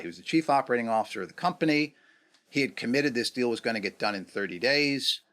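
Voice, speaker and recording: A middle-aged man from New York, a guest in an interview, telling negotiation stories in a casual, animated way and asking rhetorical questions. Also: medium pitch.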